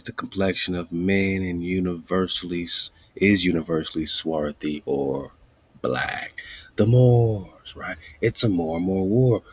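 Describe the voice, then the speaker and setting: A man hosting a radio show, thinking aloud as he looks up words, muttering and whispering asides to himself and reading quoted lines slowly. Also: low-pitched, breathy edge, no room sound. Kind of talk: casual research talk, looking up words live.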